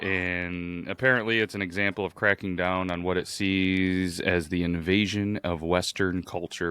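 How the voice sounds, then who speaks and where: A man's voice: low-pitched, a bit bright, clean tone. A man co-hosting a podcast in casual chat, reading out a news story loosely and stumbling over words. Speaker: podcast co-host.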